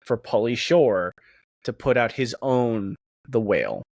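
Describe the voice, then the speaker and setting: A man co-hosting a podcast in loose, swearing banter, his voice swinging widely up and down. The sound is dry and close, with no room around it. He talks in a relaxed, off-the-cuff way. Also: mid-range voice, unhurried, vocal fry, dry recording. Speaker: podcast co-host. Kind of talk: casual banter.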